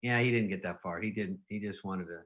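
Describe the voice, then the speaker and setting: A man's voice: sits low, brisk, a bit bright. A man in his fifties, a comedian telling rambling anecdotes in casual chat, often laughing at his own stories. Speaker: comedian guest.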